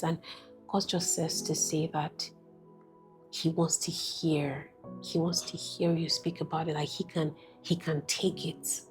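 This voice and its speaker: A woman guest giving an emotional personal testimony, candid and soft-spoken, driving points home with repetition. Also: sits low, fairly even intonation, a little slow, faint music behind. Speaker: guest sharing a personal story.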